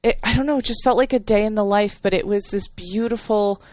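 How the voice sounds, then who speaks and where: A woman co-hosting a podcast, warmly retelling a TV episode in a rambling way with many fillers and restarts. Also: medium pitch, brisk, no room sound. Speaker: podcast co-host. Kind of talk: casual chat.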